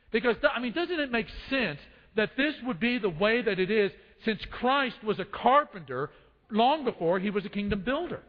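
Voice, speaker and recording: High-pitched guy preaching, gets the church to answer back, repeats stuff a lot, muffled sound in a big echoey hall. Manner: call-and-response preaching, repeats phrases for emphasis. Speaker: pastor. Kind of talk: sermon. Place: church sanctuary.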